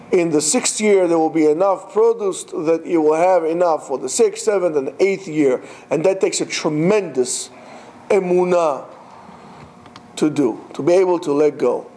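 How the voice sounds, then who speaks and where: A man giving a Torah class, telling a story in an animated way and mixing Hebrew terms into his speech. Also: fairly high pitch, slight background noise. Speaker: Torah teacher.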